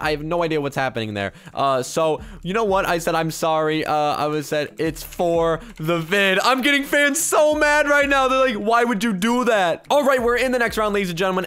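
A young man giving excited gameplay commentary, quick to yell and laugh, with loudness that swings fast. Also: high voice, smooth. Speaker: gaming YouTuber.

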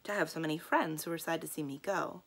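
A woman reading a storybook aloud, voicing a gaunt, stern old governess with a deep, gruff, dry deadpan manner. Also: quick pace, heavily acted.

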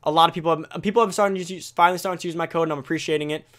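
A teenage male gaming video creator talking fast and casually, restarting phrases as he explains tips straight to viewers. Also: fairly high pitch, steady tone, fairly bright tone. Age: teens. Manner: rapid, self-correcting, talks straight to viewers. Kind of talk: fast casual game commentary.

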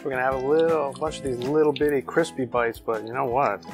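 A man's voice: mid-range voice, steady tone, quick pace, loud music behind the voice. An enthusiastic man hosting a casual barbecue cooking vlog, exclaiming and talking to his viewers. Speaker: BBQ cooking show host.

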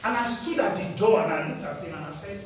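Nigerian preacher in an echoing hall. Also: male voice, expressive, fast talker, a little hiss or hum. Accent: Nigerian English, Ekiti Yoruba. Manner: storytelling preacher, from low asides to loud emphatic declarations. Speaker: pastor. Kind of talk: sermon. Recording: echoey hall, distant mic, faint ambience.

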